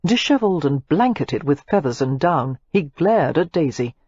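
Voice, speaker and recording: A woman narrating an audiobook with expressive, measured storytelling. Her voice is low and husky, with a lively sweep of pitch. The recording is dry and somewhat dull. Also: no echo. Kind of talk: scripted romance narration.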